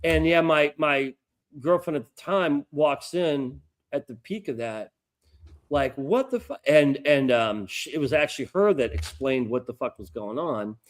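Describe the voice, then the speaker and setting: A middle-aged American man, a podcast co-host, telling a long story in a rambling, profane, animated way. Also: mid-range voice, measured pace. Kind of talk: casual storytelling chat.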